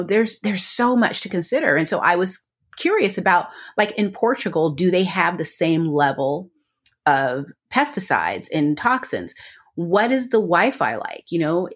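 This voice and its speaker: Husky-voiced woman chatting eagerly. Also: on the low side. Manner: rambling, eager, many fillers. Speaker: podcast co-host. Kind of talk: casual podcast chat.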